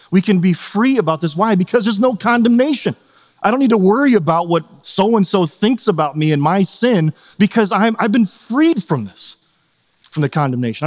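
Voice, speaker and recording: A man in his thirties gives a sermon in an easy, talky style, and his voice sits a little high for a man. He keeps asking "right?" and acts out little scenes as he preaches. The sound rings out with a long hall reverb. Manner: conversational preaching with frequent "right?" tags and acted-out quotes. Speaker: pastor. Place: church sanctuary.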